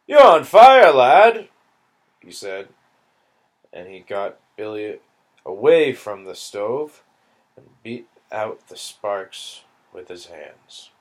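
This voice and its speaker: A man reading a novel aloud in a slow, deliberate manner. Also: lowish voice, expressive, darkish tone. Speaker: audiobook reader.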